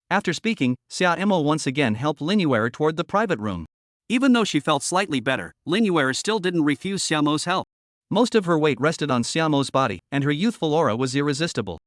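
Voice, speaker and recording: A man reading a scripted story recap in an even, steady way. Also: on the high side, fairly quick, no echo, clean studio sound. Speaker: narrator.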